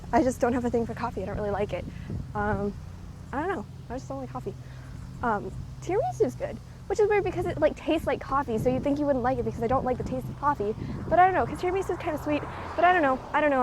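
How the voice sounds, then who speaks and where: A young woman chatters away in a high, quick voice, rambling from one thought to the next with plenty of fillers. She's walking outdoors and a little out of breath, with faint street noise behind her. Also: rough recording. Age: young adult. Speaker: vlogger. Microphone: handheld recording device with clip mic.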